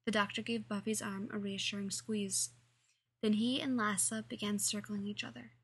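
A woman reading a fan fiction story aloud in a plain, steady way. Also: medium pitch, moderate pace, husky. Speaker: reader.

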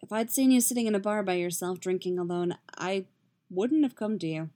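A woman voicing a guarded, proud sorceress, speaking in a quiet, measured way. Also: medium pitch, natural voice.

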